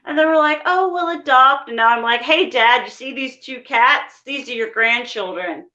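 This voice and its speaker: A young woman with a high, bright voice talks as a guest in a casual chat, candid and chatty. She swears freely and acts out little quotes, and her audio sounds dull and lo-fi. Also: normal speed. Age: young adult.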